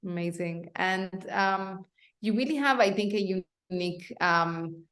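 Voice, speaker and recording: A woman's voice: mid-range voice, fairly bright tone. Woman host asking interview questions. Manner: measured, with frequent ums.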